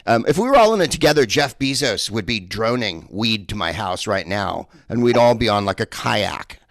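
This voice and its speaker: A man's voice: on the low side, animated, moderate pace, a bit bright, no room sound, studio quality. A stand-up comedian from San Francisco performing a set from home over a video call with an earpiece headset. He rambles and digresses with many fillers and restarts.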